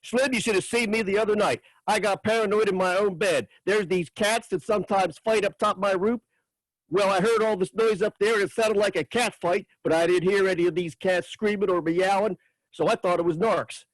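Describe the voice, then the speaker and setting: A man's voice: sits high, steady tone, normal speed, dry recording, pitched above the performer's own voice. A man reading aloud and voicing a talkative, caring adult woman friend, emphatic and streetwise. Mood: chatty.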